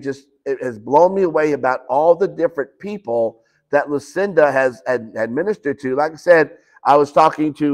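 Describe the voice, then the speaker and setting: A man preaching a conversational sermon in a church, often restarting phrases and acting out quoted conversations. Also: mid-range voice. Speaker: pastor. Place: church sanctuary.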